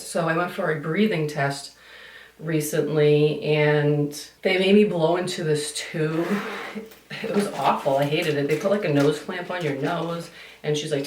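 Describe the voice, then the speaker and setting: A woman's voice: deep voice, slight background noise. A woman chatting while doing her makeup in a get-ready-with-me vlog, rambling and complaining, swearing casually. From United States. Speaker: beauty vlogger. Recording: echoey room, somewhat far from mic.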